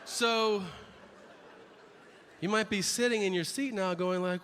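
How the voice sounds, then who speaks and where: A man's voice: sits high, fairly even intonation, slow pace, long pauses, a bit bright, clean tone. A man doing a stand-up comedy set in a brash, profane, mocking way on a theater stage. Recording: live venue reverb with noise.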